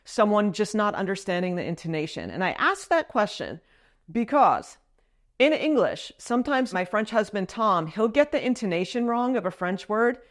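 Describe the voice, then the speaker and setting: Frank, lively woman vlogger. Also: normal speed. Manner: frank, lively, expressive pitch swings. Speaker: vlog host. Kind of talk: casual Q&A advice.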